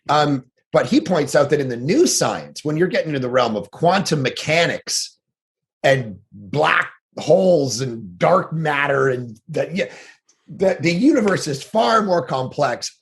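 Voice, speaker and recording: A man, a pastor and author, speaking as a guest on a podcast. He talks casually and tells stories animatedly, with quick asides and frequent restarts. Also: on the high side, animated.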